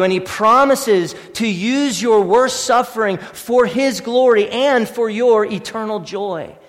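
A man preaching a sermon as pastor, earnest, dropping to a hush and then rising to force, repeating his questions. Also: high voice. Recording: long reverb in a hall.

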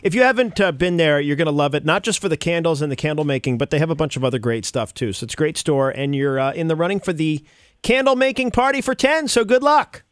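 Upbeat male radio host, lively delivery. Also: fairly high pitch, fast, clear, resonant tone, dry recording, studio quality. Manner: animated, enthusiastic, many restarts. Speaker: radio morning show host. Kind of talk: casual on-air banter. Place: radio studio. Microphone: studio microphone.

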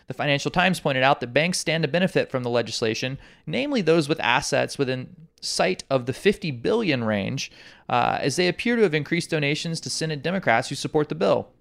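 Brief: male co-host, casual sarcastic news commentary, gravelly texture. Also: on the high side, lively intonation, a little fast, a bit bright. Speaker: podcast co-host. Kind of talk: casual political chat.

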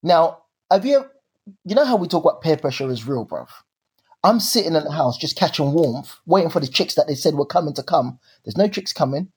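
A young man telling a story in casual chat, animated and full of slang, acting out his own drama. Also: on the high side, fairly quick, breathy edge.

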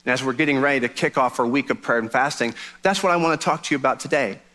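A man preaching a sermon as pastor, telling a joke in an animated storytelling manner. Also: mid-range voice, quick pace.

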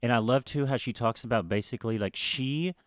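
A man's voice: mid-range voice, fairly quick, no room sound, clean studio sound. A man co-hosting a podcast, chatting casually, swearing freely and quoting people in put-on voices. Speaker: podcast co-host. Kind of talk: casual chat.

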